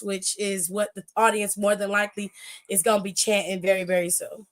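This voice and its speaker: A woman's voice: mid-range voice, brisk. A young adult woman hosting a casual wrestling recap, telling it in slang, acting out what people said and laughing often. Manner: animated storytelling, slangy, acts out quotes, laughs often.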